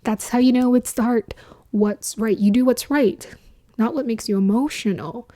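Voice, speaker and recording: Musing loosely about the coming year, a woman astrologer speaks to camera in a casual spiritual talk. Her warm, mellow voice sits a little high at a moderate pace, she laughs often, and she sometimes drops to a whisper to stress a point.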